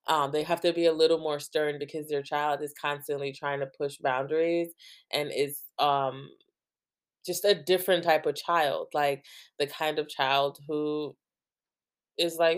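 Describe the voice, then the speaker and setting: A woman's voice: deep voice, steady tone, measured pace, clean tone. A young woman from New Jersey hosting a podcast, chatting casually and rambling, with many "like"s and frequent laughs. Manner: rambling, heavy use of "like", laughs often. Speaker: podcast host. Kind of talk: casual chat.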